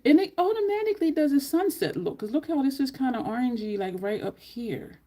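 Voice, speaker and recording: A woman's voice: high voice, big pitch swings, brisk, dark tone. A woman chatting casually through a makeup tutorial at home, rambling into side stories as she goes. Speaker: makeup vlogger.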